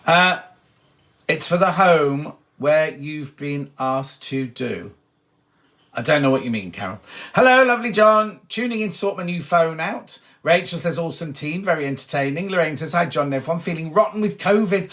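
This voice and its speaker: A man's voice: fairly high pitch, lively intonation, a little fast, a bit bright. A British man hosting a sewing livestream, reading viewers' comments aloud with cheeky, chatty asides. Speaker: host of a sewing show.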